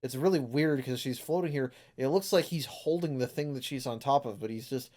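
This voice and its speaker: A man's voice: medium pitch, brisk, a little mellow. A man hosting a casual comic review chat, rambling and joking with fillers and swearing. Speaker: podcast host.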